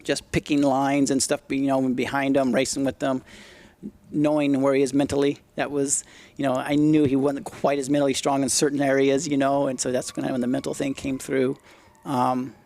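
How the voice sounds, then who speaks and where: A man's voice: mid-range voice, level tone, normal speed, a little mellow. A middle-aged man, a podcast guest, telling stories in a blunt, profane, casual way. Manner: blunt, profane, acts out quotes in his stories. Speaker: podcast guest, retired motocross racer. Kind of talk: casual storytelling interview.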